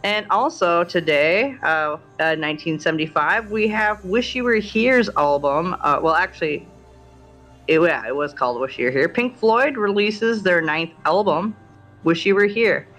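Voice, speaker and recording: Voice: mid-range voice, lively intonation, moderate pace, a bit bright, soft background music, poor audio. A co-host of a casual history chat show who talks with many fillers and corrects themselves often. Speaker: podcast co-host.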